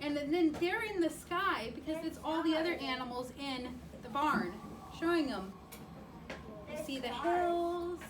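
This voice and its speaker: High-voiced woman reading a picture book. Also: expressive. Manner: slow, sing-song, asks the child questions. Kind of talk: read-aloud storytelling. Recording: distant mic with clear background noise.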